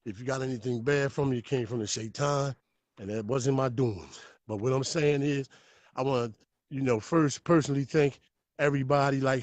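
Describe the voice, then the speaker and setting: A man talking as a podcast guest, telling stories in a lively, profane way. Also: mid-range voice, no room sound. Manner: animated, profane storytelling. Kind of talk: casual podcast talk.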